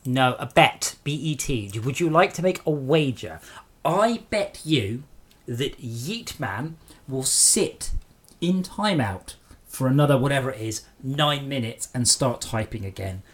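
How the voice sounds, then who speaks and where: A man's voice: mid-range voice, animated, measured pace, husky. A man streaming a game live and sarcastically scolding trolls in his chat.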